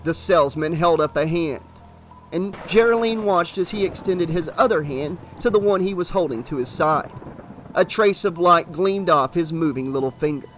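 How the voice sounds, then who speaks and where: A man narrating a horror novel as an audiobook, in a steady, dramatic read. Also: a little high.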